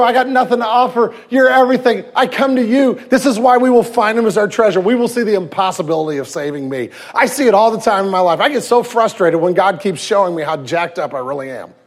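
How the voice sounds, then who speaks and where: A man in his thirties, a pastor preaching a sermon with lively storytelling, swinging from loud emphasis to hushed tenderness. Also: high voice. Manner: acts out quoted voices and anecdotes.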